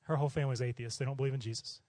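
A man's voice: medium pitch, racing, dry recording. A middle-aged man from Oklahoma, a missionary preacher telling stories in a sermon and acting out the voices of the people in them. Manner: animated, acts out voices in his stories. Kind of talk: storytelling sermon.

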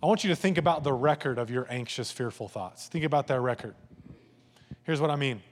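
A man preaching a sermon in a conversational, animated way, acting out voices and asides. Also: medium pitch, a little fast. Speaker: pastor. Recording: long hall reverb.

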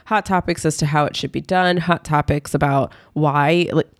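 A young adult woman co-hosting a podcast as a financial coach, animated, often laughing and chiming in. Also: low-pitched, no room sound, clean studio sound. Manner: animated and laughing, quick agreeing interjections. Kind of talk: casual podcast chat.

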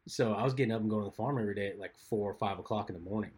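A man's voice: fairly low pitch, very fast, a little mellow, husky. A man co-hosting a podcast, telling stories in a chatty way with lots of filler words. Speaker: podcast co-host. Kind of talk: casual storytelling chat.

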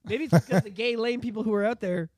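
High-voiced ranting man. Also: fast talker. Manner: ranting, swearing, animated. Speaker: podcast host. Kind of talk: casual podcast chat.

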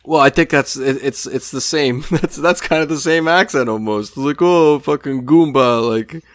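A man's voice: mid-range voice, moderate pace, fairly bright tone, no room sound, studio quality. A man co-hosting a podcast in casual chat, rambling and laughing often as he sips a drink. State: drinking while talking. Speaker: podcast co-host.

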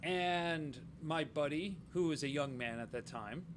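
A man's voice: a little high, a little slow, a little hiss or hum. A man co-hosting a casual chat, retelling a story in an easygoing, hesitant way. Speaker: podcast co-host.

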